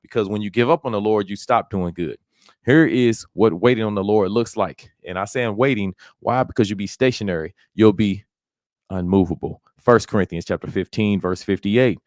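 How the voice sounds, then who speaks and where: Man in his 40s, low-ish dry voice, chatty livestream Bible teacher who keeps checking in with his listeners. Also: moderate pace, a little mellow, no room sound. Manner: conversational, colloquial, checks in with listeners often. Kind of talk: informal verse-by-verse Bible teaching.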